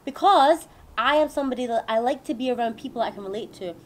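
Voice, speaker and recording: A pregnant woman, hosting a casual chat and talking quickly, laughing often and asking "do you know what I mean". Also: fairly high pitch, poor audio. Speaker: channel host.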